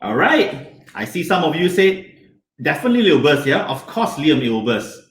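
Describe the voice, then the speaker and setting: Questions pour out of this man as he leads kids through a hands-on science lesson, his fairly high voice swinging up and down. Very animated and speaking at a normal speed, he sounds like he's in a roomy, echo-filled space.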